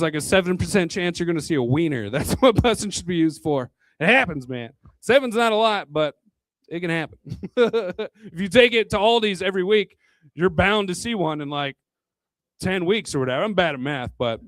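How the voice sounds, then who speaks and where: High-pitched male stand-up comic with a crude, rambling delivery, dry close sound. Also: no echo. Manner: crude, rambling, chuckles between jokes. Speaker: stand-up comedian. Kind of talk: stand-up comedy set. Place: live comedy venue.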